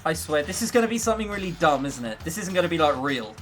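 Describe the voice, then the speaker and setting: A man streaming a game and chatting casually over it. He swears often and throws in joking asides, his voice sitting fairly high and swinging up and down with lively expression, over soft game music. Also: quick pace. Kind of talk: casual let's-play commentary.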